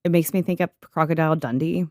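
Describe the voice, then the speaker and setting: A woman's voice: low voice, steady tone, fast talker, a little mellow, dry recording, studio quality. A young woman co-hosting a podcast in a casual, joking way, reading from notes and laughing often. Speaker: podcast co-host.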